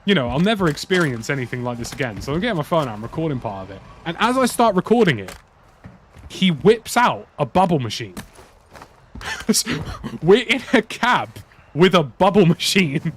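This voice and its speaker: A man's voice: fairly high pitch, lively intonation, normal speed. A British man casually telling a rambling, slang-heavy story while playing a game. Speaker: gaming YouTuber. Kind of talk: casual anecdote over gameplay. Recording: game sound noise under voice.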